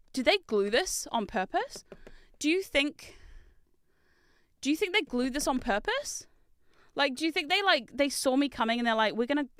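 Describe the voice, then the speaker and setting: Brief: chatty woman streamer, higher-pitched, crisp, loud swearing outbursts. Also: no room sound. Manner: chatty, swears, laughs often, exclaims loudly. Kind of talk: casual live-stream chat.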